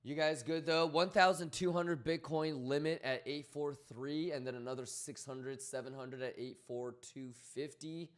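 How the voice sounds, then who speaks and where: A man's voice: fairly high pitch, fairly even intonation, moderate pace, few pauses. A man streaming live, talking loosely and profanely as he reads chat messages aloud and rambles. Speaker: crypto trading livestreamer.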